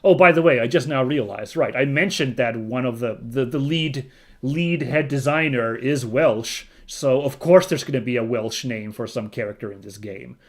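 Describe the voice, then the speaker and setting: A man streaming a story game, reading its narration aloud and breaking into chatty, excited asides. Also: medium pitch, moderate pace. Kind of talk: reading game text aloud with casual commentary.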